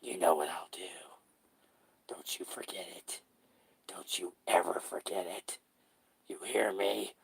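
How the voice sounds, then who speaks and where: A man voicing a menacing male clown who drags out his words and sinks into low threats and whispers. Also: steady tone, vocal fry, breathy edge, heavily acted. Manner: slow, drawn-out, threatening, drops to a whisper.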